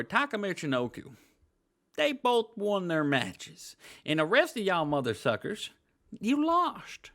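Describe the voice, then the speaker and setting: A man's voice: fairly high pitch, pushed and bright, exaggerated voice. A man doing a blustering, foul-mouthed old wrestling manager. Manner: profane, blustering tirade. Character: ranting older male wrestling manager.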